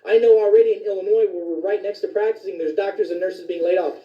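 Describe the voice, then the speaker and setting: A man's voice: sits high, fairly even intonation, fast talker. A man who is a physician, ranting indignantly with profanity in a commentary video. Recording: distant, echoey, dull lo-fi sound.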